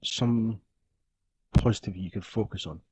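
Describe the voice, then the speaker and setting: A man's voice: fairly low pitch, measured pace, a little mellow, slight background noise, rough recording. A man co-hosting a gaming podcast, talking casually, laughing and swearing playfully. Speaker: podcast co-host. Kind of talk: casual chat.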